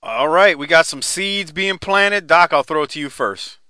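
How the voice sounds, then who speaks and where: A man's voice: on the high side, animated, normal speed, sharp tone, clean tone, no room sound. A man hosting a podcast, loose and laughing, trading profane banter. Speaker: podcast host. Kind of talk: casual chat.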